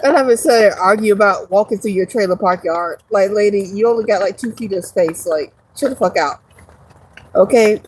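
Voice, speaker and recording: A woman's voice: medium pitch, brisk, a little hiss or hum, low-quality recording. A woman vlogger ranting casually to her viewers, profane and rambling, laughing often. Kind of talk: casual rant to camera.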